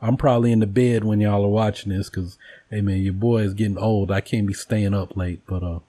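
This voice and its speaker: A man's voice: on the low side, fairly quick. A man with a casual rambling delivery, profane and joking as he tells stories to his viewers. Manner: profane, joking, animated storytelling. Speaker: vlogger host.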